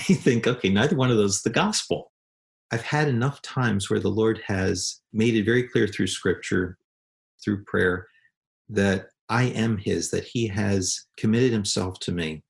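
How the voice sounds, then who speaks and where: Man, pastor, middle-aged, gravelly low voice, earnest storytelling, self-deprecating. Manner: earnest, self-deprecating, with some stammering restarts. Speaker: pastor and counselor. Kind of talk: reflective storytelling talk.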